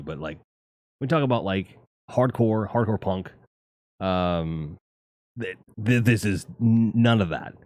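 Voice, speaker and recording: A man with a lowish voice rambles through a casual live stream, swearing freely and tossing out animated opinions. The sound is dry and close, with little room around it. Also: dry recording. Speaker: streamer host.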